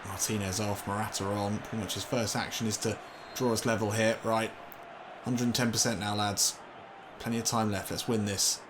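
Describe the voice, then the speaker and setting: A young man commentating his own football video game, getting excited and swearing when things go wrong. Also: lowish voice, moderate pace, noisy background. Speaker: gaming commentator. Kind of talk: let's play commentary.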